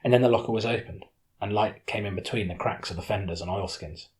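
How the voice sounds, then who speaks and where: A man narrating an audiobook in the first person with steady storytelling. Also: fairly low pitch, fast talker.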